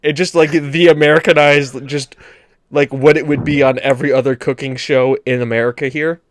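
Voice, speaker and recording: A man hosting a casual podcast chat, animated and quick to slip into mock accents. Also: mid-range voice, no room sound. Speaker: podcast host.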